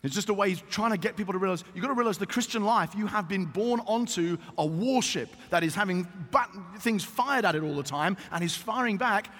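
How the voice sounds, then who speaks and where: A man preaching a sermon to a congregation, telling stories with animated asides. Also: high voice, brisk, few pauses. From Britain. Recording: long reverb in a hall.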